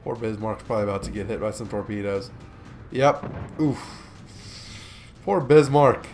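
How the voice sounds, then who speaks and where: A man's voice: on the low side, a little fast, a little mellow. Joking male game commentator, faint music. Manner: joking, chatty, many fillers. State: sleepy, yawning. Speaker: gameplay commentator. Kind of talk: casual game commentary over a replay.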